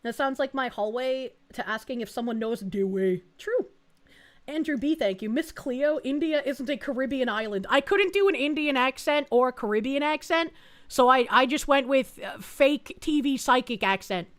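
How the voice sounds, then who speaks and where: A woman's voice: high voice, animated, normal speed, fairly bright tone. A woman streamer giving playful, swearing gaming commentary and reading chat.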